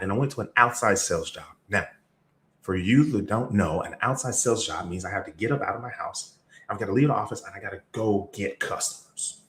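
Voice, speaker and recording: Low-ish guy doing a hype sales talk, storytelling, pitch jumping around, roomy echo. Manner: energetic storytelling, big pitch swings. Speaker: sales trainer. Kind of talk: motivational talk. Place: event room or video call.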